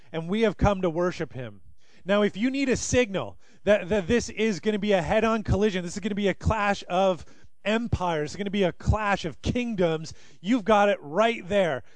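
High-voiced man preaching with animated storytelling. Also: dry recording. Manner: animated storytelling, acting out quoted speakers. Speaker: pastor. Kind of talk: sermon.

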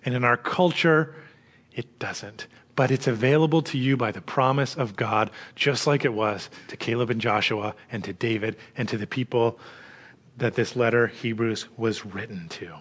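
A man preaching a sermon in a conversational, storytelling way, shifting between quiet reflection and lively emphasis. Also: medium pitch. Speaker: pastor.

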